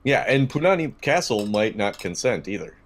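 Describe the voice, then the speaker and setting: A man playing in a tabletop game, making crude jokes and talking with halting restarts. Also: medium pitch, very animated, slight background noise. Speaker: player.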